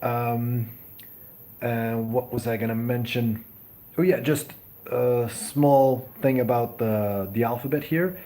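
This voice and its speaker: A young man from Serbia hosting a casual live stream, chatting and answering viewers with many pauses and restarts. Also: mid-range voice, steady tone, mellow. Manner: hesitant, many ums and restarts; friendly, thanks viewers often. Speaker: livestream host. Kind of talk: casual live chat reading viewer comments.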